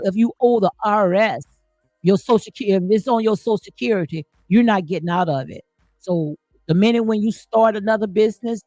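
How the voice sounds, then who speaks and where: A woman with a mellow, mid-range voice hosts a live stream, reading viewer comments aloud. She answers them in an emphatic, preachy way, full of folksy sayings and "honey." There's no room sound.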